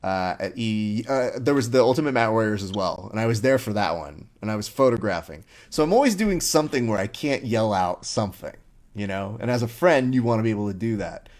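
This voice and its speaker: Man, podcast host, casual chat, lively storyteller, slightly low voice. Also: fairly quick. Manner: animated storyteller who acts out quoted lines.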